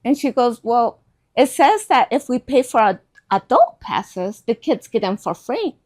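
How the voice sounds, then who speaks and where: A middle-aged woman telling a personal story in a casual chat, animated and acting out the voices of the people in it. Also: a little high, measured pace. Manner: animated, acts out quoted voices.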